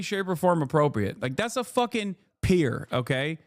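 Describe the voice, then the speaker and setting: A man with a fairly high, sing-song voice streams a reaction video at a moderate pace, and the studio sound is clean, with no room sound. His casual commentary turns into a heated, profane rant full of indignant rhetorical questions.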